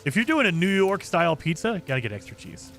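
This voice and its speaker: A man's voice: high-pitched, big pitch swings, fast, gravelly, fairly bright tone, faint music behind. A man streaming a game, chatting casually and reacting to viewer comments with lots of fillers. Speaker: gaming streamer. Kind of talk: casual chat with live chat.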